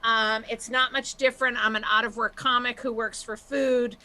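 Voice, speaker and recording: Brash high-voiced woman with a Boston accent. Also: fairly even intonation, bright, forceful tone, slight background noise. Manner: brash, self-mocking, rapid jokes. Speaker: comedian. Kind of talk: stand-up set.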